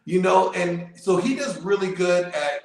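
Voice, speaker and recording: A man appearing as a guest in a casual chat tells a long, rambling anecdote packed with "um" and "you know." His voice is high-pitched and unhurried, and the room he's in is very echoey.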